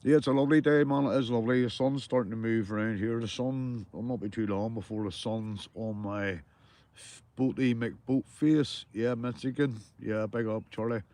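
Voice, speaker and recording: A man's voice: medium pitch, moderate pace, darkish tone, no echo. A man with a Northern Irish accent, chatting casually to his live-stream viewers from a small tent while out fishing, greeting each one by name and calling them mate. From Northern Ireland. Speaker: livestreaming angler. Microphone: phone or camera on a live stream.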